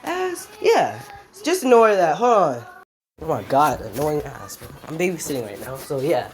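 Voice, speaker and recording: A woman's voice: deep voice, sing-song, moderate pace. A woman casually improvising a fan story, rambling with restarts and swearing.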